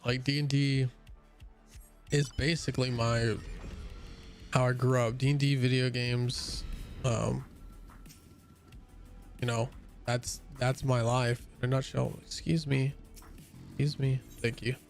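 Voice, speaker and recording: A young man with a gravelly voice talks casually to his viewers while playing a game. He rambles with plenty of fillers and restarts, and sounds a little tired. Faint game music hums behind him. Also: mid-range voice, level tone, takes it slowly, pauses often. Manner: yawning, a bit tired. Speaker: gaming streamer.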